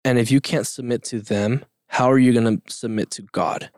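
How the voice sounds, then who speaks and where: Young man, earnest storyteller, steady mid voice, dry close sound. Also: medium pitch, moderate pace, dry recording. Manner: earnest storytelling, laughs between lines. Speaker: interview guest. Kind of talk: casual podcast conversation.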